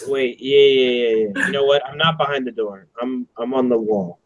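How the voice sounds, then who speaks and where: A man playing a tabletop game, talking casually and quickly with his group. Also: mid-range voice, rough recording. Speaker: player.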